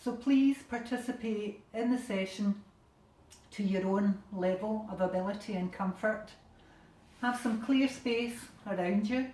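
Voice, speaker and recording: A woman with a Scottish accent leading a gentle home exercise class from her bedroom, giving encouraging instructions in a relaxed way. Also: mid-range voice, unhurried. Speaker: fitness instructor. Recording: roomy sound from a distant camera.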